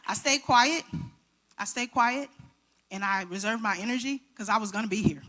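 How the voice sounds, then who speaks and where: A woman in her thirties gives an award acceptance speech in a slightly high voice. She sounds nervous and shaky but heartfelt, and she calls out to the audience as she talks. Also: normal speed, long pauses, a bit bright. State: shaking. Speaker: award recipient giving a speech.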